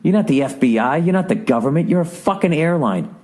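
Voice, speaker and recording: A man's voice: on the high side, lively intonation, fairly quick, darkish tone. A man hosting a podcast, delivering a profane, sarcastic comedic rant with exasperated energy. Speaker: podcast host. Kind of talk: ranting comedic monologue.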